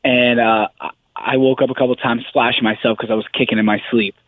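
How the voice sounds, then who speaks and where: A man's voice: medium pitch, little pitch movement, fast, dry recording. A man calling in as a guest fighter, telling stories in a chatty way and laughing as he talks. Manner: chatty storyteller, laughs through his telling. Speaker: phone-in caller. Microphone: phone. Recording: phone line.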